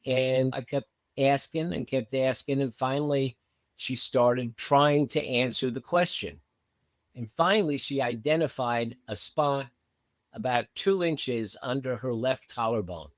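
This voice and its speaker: A man's voice: medium pitch, unhurried, dry recording. A man who works as a meditation coach, telling a story in conversation and acting out the lines of the people in it. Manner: animated, acts out quoted dialogue.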